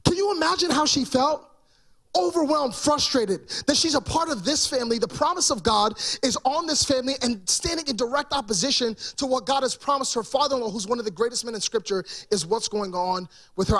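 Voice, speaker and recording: A man's voice: very high-pitched, brisk, fairly bright tone. A male pastor preaching an emphatic sermon and throwing rhetorical questions to the congregation.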